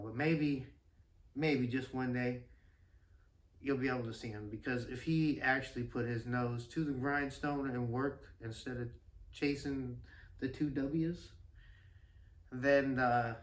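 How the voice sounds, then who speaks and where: A man, a father and podcast host, telling stories in a casual, rambling, animated way, quick to laugh. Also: medium pitch. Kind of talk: casual storytelling chat. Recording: roomy room with a distant mic.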